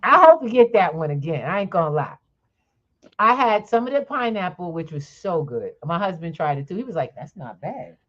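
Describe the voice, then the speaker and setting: A woman hosting a podcast, telling a story in a lively, chatty way and laughing often. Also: fairly low pitch, moderate pace, muffled recording. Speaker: podcast host. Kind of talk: casual chat, storytelling.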